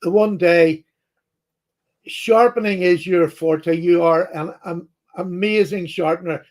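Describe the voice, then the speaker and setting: A man co-hosting a casual chat, chiming in briefly and vouching for his guest. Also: sits high. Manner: quick interjections, warm praise. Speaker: co-host.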